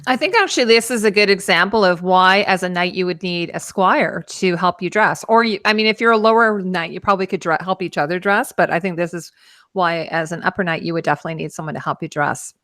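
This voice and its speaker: Woman host with a bright tone and dry sound; chatty explainer with many fillers. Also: lowish voice, fast, no echo. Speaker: costume show host. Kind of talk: casual chat.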